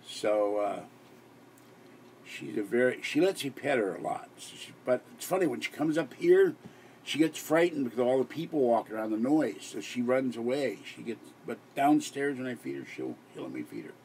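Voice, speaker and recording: A man's voice: mid-range voice, normal speed, darkish tone, a little hiss or hum. An exhausted older man who hosts a live stream, rambling and giggling with many restarts late at night. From Pittsburgh area. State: exhausted, sleep-deprived.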